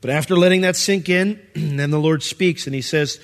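Middle-aged male pastor, slightly high voice, casual preaching style, echoing church hall. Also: steady tone, fairly quick, hardly any pauses. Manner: conversational preaching, acts out voices of God and listeners. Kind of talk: sermon. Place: church sanctuary.

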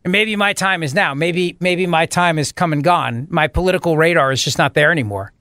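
A man's voice: on the high side, a little fast, pushed and bright, no echo, studio quality. A man hosting a radio talk show, bantering in a jokey, mock-dramatic way. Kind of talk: casual radio chat.

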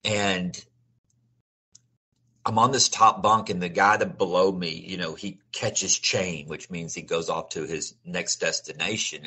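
A man's voice: sits low, pushed and bright, slightly rough. A middle-aged man telling his life story as an interview guest, speaking earnestly and often restarting and repeating his phrases. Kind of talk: personal testimony in a conversational interview.

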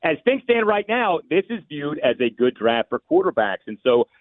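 A man giving measured, opinionated analysis on sports radio, thinking aloud with small restarts. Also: on the high side, very animated, dry recording. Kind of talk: call-in sports radio talk. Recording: tinny phone line.

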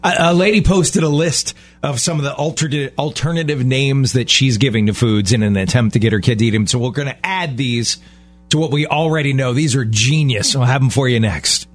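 A middle-aged man co-hosting a radio show, chatting in an animated, joking way. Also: medium pitch, brisk. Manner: animated, joking, mock-jealous. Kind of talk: casual radio banter.

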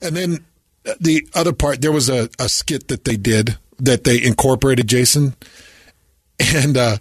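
A man chatting casually about sports on a talk show. His voice sits at a middle pitch and sounds dry and close, with no room around it. He tells stories in an animated way and drops into short impressions. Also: measured pace, slightly rough, dry recording. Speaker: co-host.

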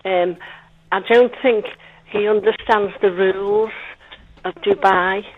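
A woman's voice: mid-range voice, steady tone, takes it slowly, phone-quality sound. A woman in her sixties on the phone with her son's radio show, chatty and giggly. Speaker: caller's mother on the phone. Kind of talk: casual phone chat.

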